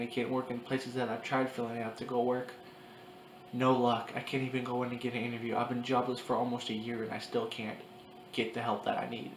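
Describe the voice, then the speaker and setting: Tearful young man, flat halting voice. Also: medium pitch. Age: 20s. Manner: halting, repeats himself, restarts often. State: crying. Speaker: vlogger. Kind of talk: personal confessional vlog. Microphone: camera mic. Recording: echoey room with faint background noise.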